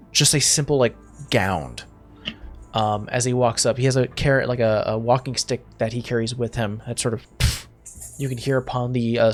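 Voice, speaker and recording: A man narrating a tabletop game as game master, describing scenes in a rambling way with many fillers and restarts. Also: medium pitch.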